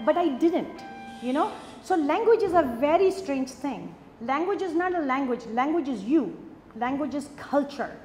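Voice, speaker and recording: A middle-aged Pakistani-accented woman, a professor, lectures with lively, emphatic storytelling. Her voice sits high. She is recorded in a large, echoey hall with faint ambience behind her. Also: a little hiss or hum. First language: Punjabi and Urdu. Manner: animated storytelling, emphatic repetition.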